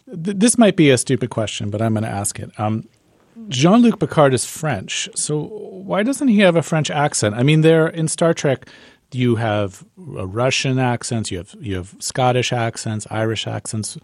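A man's voice: mid-range voice, expressive, normal speed, darkish tone, dry recording, clean studio sound. A man interviewing a guest, asking curious, casual questions. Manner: curious, casual, self-deprecating.

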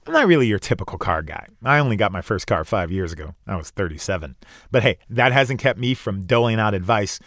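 A man's voice: on the low side, big pitch swings, brisk, fairly bright tone, no room sound, clean studio sound. A man in his forties narrating a radio feature as a reporter, wry and self-deprecating. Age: 40s.

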